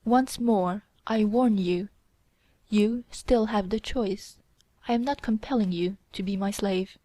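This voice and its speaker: A woman's voice: mid-range voice, takes it slowly, warm tone, no echo. A woman voicing a cold, contemptuous young woman in an audiobook, speaking in a commanding way. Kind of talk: audiobook character reading.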